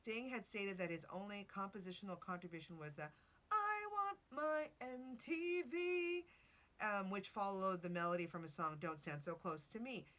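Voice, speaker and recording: A woman's voice: lowish voice, fairly quick, hardly any pauses, fairly bright tone. A woman hosting a podcast, chatting casually through her notes with asides and self-corrections. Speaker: podcast host.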